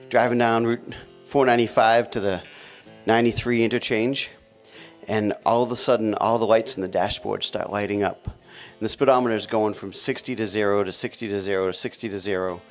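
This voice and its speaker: Man, wry storyteller, relaxed tone, faint music behind. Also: lowish voice. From Boston area. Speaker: musician guest. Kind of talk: casual storytelling.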